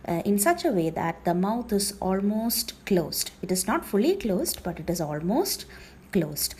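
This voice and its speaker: Slow, lively-voiced woman teaching phonetics. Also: mid-range voice. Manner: slow, careful, repeats key terms. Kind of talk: explanatory lecture.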